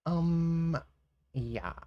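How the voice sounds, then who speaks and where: A man's voice: fairly high pitch, lively intonation, very slow, no room sound, dull audio. A man streaming while he draws, chatting casually with viewers in a rambling, giggly way.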